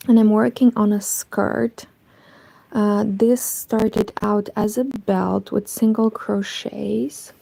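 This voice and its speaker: A woman chatting softly in a hushed half-whisper at home, live-streaming and talking about her crochet. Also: mid-range voice, creaky, no echo, rough recording. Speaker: crochet vlogger. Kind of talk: quiet live-stream chat.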